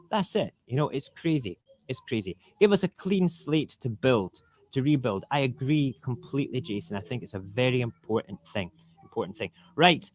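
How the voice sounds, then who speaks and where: Animated man streaming from home. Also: mid-range voice. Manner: animated, repeats himself, reads rhyming verse with relish. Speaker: livestream host. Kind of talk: casual morning livestream chat and poem reading. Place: home dinner table, TV cartoons in the background.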